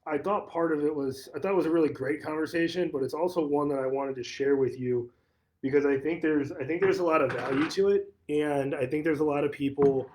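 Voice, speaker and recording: A man's voice: medium pitch, darkish tone. A man who manages a real estate office, talking casually on a livestream and retelling a conversation, often repeating and restarting phrases.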